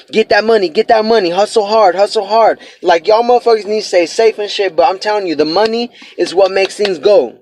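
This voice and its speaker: A young man in his early twenties speaks in a high, dry voice with no room sound around it. He talks in blunt, profane street slang, pushing hard with heartfelt motivation as he vlogs to his viewers. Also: dry recording. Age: 20s. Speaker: vlogger. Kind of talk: motivational vlog talk.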